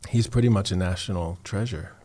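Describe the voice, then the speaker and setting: A man hosting a radio show, introducing his guest in a relaxed and friendly way, with some fillers. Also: deep voice, fairly quick. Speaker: radio host. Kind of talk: casual radio chat. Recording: radio studio.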